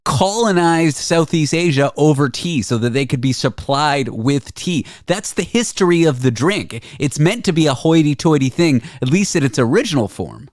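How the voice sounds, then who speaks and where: A man's voice: on the high side, expressive, moderate pace, few pauses, a little mellow, no room sound. Dry-voiced man host, steering the chat. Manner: dry, tries to steer the talk back on track. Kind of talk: casual chat.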